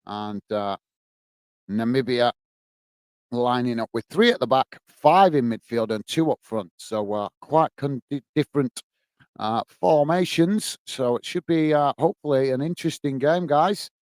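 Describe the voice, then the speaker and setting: A man's voice: mid-range voice, lively intonation, unhurried, darkish tone, clear, resonant tone, dry recording. A man from the UK hosting a casual football watch-along stream, chatting to viewers with lots of fillers and friendly greetings, a bit out of breath. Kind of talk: casual live-stream chat reading viewer comments.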